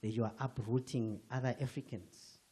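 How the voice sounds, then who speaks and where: His voice is medium-pitched, steady and mellow, a bit rough, at a moderate pace. The Namibian audience member offers an earnest, emphatic comment at a book launch in a hall full of people, restarting often.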